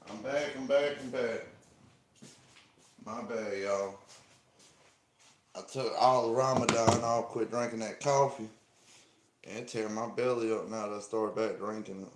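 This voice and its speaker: A man's voice: fairly low pitch, steady tone, normal speed. A man chatting loosely with viewers on a live stream, often repeating himself. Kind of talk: casual live stream chat. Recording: echoey room, faint noise.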